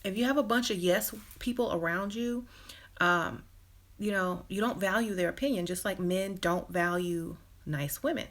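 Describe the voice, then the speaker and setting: On her relationship advice live stream, a woman with a mid-range, fairly bright voice talks at a moderate pace. She's chatty and casual, leaning on "you know" fillers, laughing briefly, and performing quoted dialogue in other voices.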